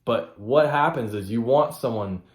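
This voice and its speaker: This man hosts a solo motivational podcast, speaking at a medium pitch and moderate pace in a roomy-sounding space. He's blunt and profane, repeating his point over and over to hammer it home.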